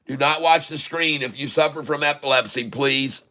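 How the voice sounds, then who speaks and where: A man calls out his live stock trades with showman hype, stretching out his exclamations and rattling off prices again and again. His voice is very bright and forceful, pitched a bit high for a man. He talks from a home trading desk. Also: moderate pace. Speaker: day trader streaming live.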